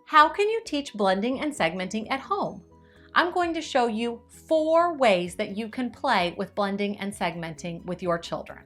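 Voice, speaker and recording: A woman explains early reading skills to parents in a clear, upbeat teacherly voice. She slows right down to stretch and sound out words as she demonstrates. Quiet music plays faintly underneath. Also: medium pitch, very animated. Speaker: teacher giving tips to parents. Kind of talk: instructional video.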